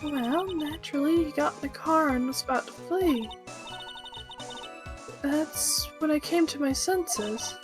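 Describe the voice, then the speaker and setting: A woman's voice: high-pitched, a little slow, over music. A woman playing a hesitant female witness.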